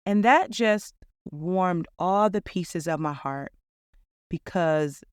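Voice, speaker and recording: Woman podcast host, earnest and upbeat, smooth voice, dry close sound. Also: lowish voice, takes it slowly, no room sound. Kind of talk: reflective podcast monologue.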